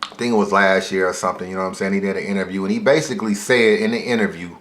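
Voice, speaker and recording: A man's voice: low voice, fairly even intonation, rapid-fire, fairly bright tone. A man giving casual vlog commentary on battle rap, speaking in a slangy, emphatic way.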